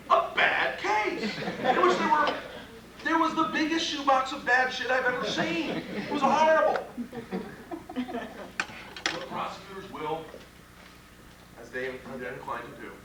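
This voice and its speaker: In a very noisy recording, a man with an extremely high-pitched voice teaches trial lawyers at a live workshop. He's a criminal defense trial instructor, blunt and profane, firing rhetorical questions at an audience in a training room, captured from afar with lots of echo.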